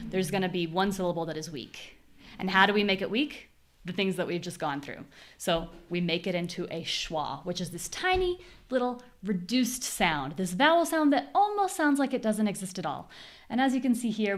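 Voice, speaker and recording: A young American woman teaching a live online pronunciation class, clearly drilling syllables and explaining word stress. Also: mid-range voice. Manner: clear, demonstrative, repeats syllables slowly for drills.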